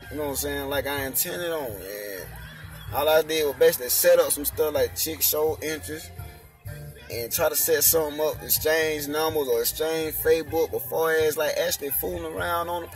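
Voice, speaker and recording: A man's voice: fairly high pitch, recorded from a distance. A young man casually telling the story of his faith testimony, using lots of slang and saying "you know what I'm saying" again and again.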